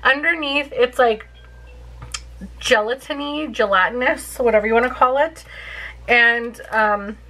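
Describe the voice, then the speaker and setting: A woman's voice: on the high side, a little slow, pauses often, bright, forceful tone, rough recording. A woman in her thirties chatting casually through a makeup tutorial, giggly and full of fillers. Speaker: beauty vlogger.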